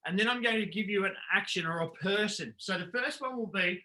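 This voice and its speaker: A man running a physical education workshop on a video call, leading a sung call-and-response warm-up and chanting rhythmic action words. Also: high voice, a little fast. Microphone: video call computer mic.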